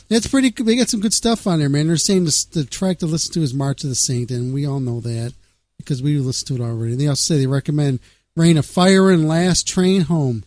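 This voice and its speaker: Laid-back male radio host, slightly high. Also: a little fast, darkish tone, no room sound. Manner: rambling, laid-back, reads out press notes with restarts. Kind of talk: casual radio talk.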